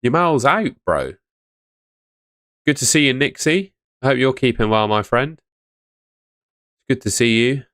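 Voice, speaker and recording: A man's voice: medium pitch, unhurried, long pauses, fairly bright tone, no echo, clean studio sound. A young man hosting a fantasy football live stream in a chatty way, reading out and answering chat messages. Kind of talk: casual live-stream commentary. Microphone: studio microphone on stand.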